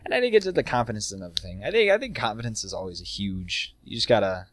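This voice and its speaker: Guy with a low voice rambling on a podcast, laughs stuff off, dry close mic. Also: very animated, fast talker, no echo. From United States. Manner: rambling, self-deprecating, laughs often. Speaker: podcast co-host. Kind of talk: casual chat.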